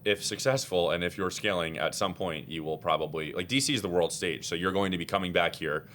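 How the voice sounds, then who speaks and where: A man speaking as the guest on a podcast interview, talking in an energetic, rambling way with many fillers and restarts. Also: deep voice, fairly quick, a little hiss or hum. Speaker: guest, executive director. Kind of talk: casual interview chat.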